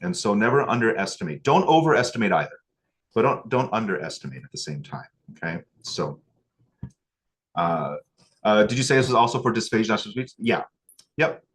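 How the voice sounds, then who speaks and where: A man's voice: lowish voice, big pitch swings. A man teaching acupuncture, telling a moving story from his training and getting choked up before returning to needling technique. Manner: emotional, choked up at times; pauses with fillers and restarts. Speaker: acupuncture instructor. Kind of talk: teaching a class with a personal story.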